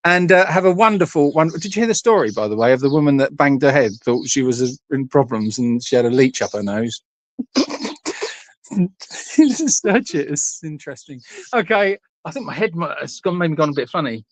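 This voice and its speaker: Flustered Glaswegian man, lively pitch. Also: moderate pace, no room sound. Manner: flustered, swears mildly, laughs through it. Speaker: sanctuary co-host. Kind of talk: casual livestream chat.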